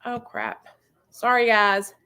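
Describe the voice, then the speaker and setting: A woman's voice: on the high side, very animated, takes it slowly, pushed and bright, clean tone. A woman in her thirties, a vlogger casually telling viewers a personal story in a chatty, confiding way.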